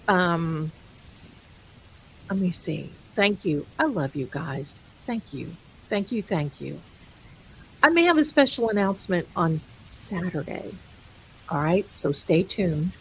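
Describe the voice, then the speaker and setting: A woman's voice: on the low side, a little hiss or hum, poor audio. A woman hosting a live stream, chatting casually and rambling, amused by her own jokes and calling viewers her darlings. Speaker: livestream host.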